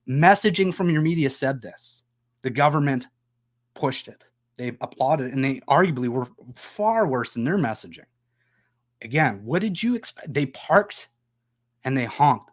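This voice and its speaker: Guy hosting a political podcast, kinda higher voice, gets fired up and emotional. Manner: passionate, emotional, emphatic. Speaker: podcast host. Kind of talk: heated political discussion.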